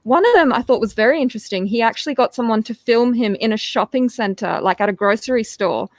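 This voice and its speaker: A woman's voice: fairly high pitch, lively intonation, fast talker, dry recording. A woman speaking as a guest in a casual live-stream discussion, articulate and sardonic.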